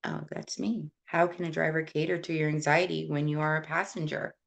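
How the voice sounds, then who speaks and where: A woman's voice: low voice, flat delivery, brisk, vocal fry. A woman from Puerto Rico hosting a casual live stream, answering viewer comments in a rambling, candid way with many fillers. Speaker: host.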